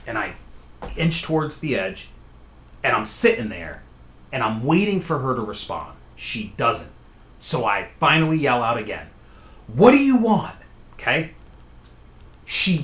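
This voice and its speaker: Slow, lively man telling a scary story. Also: medium pitch, reverberant. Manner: slow, conversational, often asking "okay?". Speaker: storyteller host. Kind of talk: casual spoken horror storytelling.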